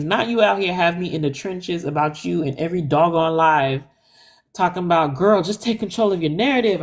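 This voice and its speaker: Animated, emphatic woman panelist. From Haitian heritage. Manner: animated, emphatic, rants with big pitch jumps. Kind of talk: casual chat.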